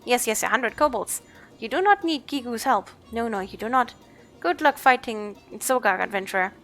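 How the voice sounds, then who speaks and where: A woman's voice: on the high side, lively intonation, moderate pace, a bit bright, soft background music. Woman doing a timid, fretful kobold. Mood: eager. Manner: anxious, echoes his own words in lists. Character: timid, fretful male kobold who repeats himself. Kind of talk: reading game dialogue aloud.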